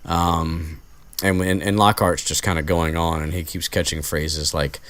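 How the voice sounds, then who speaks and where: Casual host, male, low voice, slow and rambling with lots of fillers. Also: flat delivery, fairly bright tone, no echo. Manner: rambling, many fillers and restarts. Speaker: podcast host recapping a book. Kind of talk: casual chat.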